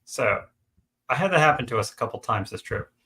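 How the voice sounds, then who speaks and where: A middle-aged man telling stories in a casual live chat, animated and full of fillers. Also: mid-range voice, a little fast, a little hiss or hum. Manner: chatty, animated storyteller, many fillers and restarts. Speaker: guest on a livestream.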